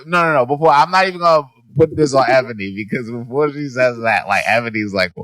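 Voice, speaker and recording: A male podcast co-host talks fast in a casual movie-review chat, animated and profane. He acts out scenes with big leaps in pitch and laughs often, and the recording has no echo.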